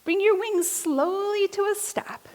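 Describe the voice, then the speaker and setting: A woman leading a kids' yoga class, giving slow, encouraging step-by-step instructions between story readings. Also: very high voice, fairly even intonation, a little mellow. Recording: long hall reverb.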